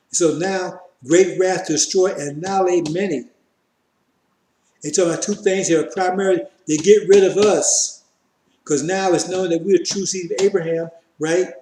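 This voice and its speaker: Man, high pitch, mellow tone, fiery repetitive preaching, echoey room. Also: slight background noise. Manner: repetitive, emphatic, addresses listeners as brothers. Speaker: preacher teaching scripture. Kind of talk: fiery street-style sermon.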